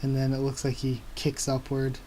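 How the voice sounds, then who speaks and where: A man hosting a casual live reading and reaction, narrating the action and gushing with excitement. His voice is mellow and pitched in the middle, with faint noise behind it. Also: moderate pace. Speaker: YouTube reaction host.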